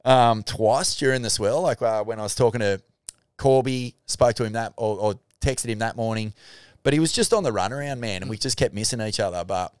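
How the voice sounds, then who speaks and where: An Australian man co-hosting a casual surf podcast chat, sweary and laid-back, with lively mimicry now and then. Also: on the low side, fairly quick, clean tone, no room sound, clean studio sound. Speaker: podcast co-host.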